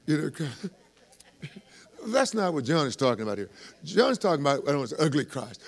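A man preaching a sermon, talking conversationally to the congregation and swelling into loud, lively emphasis. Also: fairly high pitch, normal speed, creaky.

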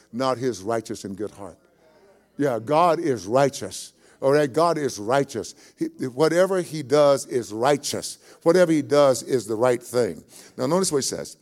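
A male pastor delivers a sermon at a mid pitch. His delivery is folksy and homespun, and he repeats short phrases to drive his points home. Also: darkish tone.

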